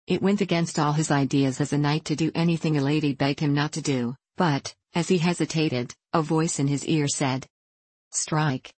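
A narrator reading fairy tales aloud in a measured, expressive way. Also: medium pitch, husky, no room sound. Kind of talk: storybook reading.

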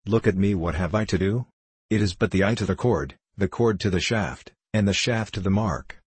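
A man reading as a boastful, husky-voiced archer. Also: low-pitched, normal speed, dry recording. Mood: hearty boasting. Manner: hearty, boastful, free-spoken. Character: boastful swaggering male English archer soldier.

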